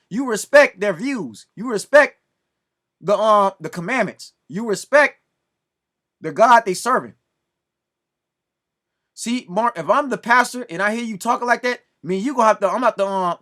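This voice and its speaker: A man's voice: high voice, bright, forceful tone. A man ranting in commentary, scolding and preaching with lots of repetition. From Southern California. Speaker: video commentator.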